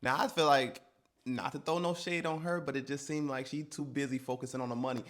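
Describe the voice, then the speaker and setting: Male host, rapid chatty commentary, teasing. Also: medium pitch, fairly even intonation, a bit bright. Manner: quick, chatty, lightly teasing. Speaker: storytime channel host. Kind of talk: casual commentary.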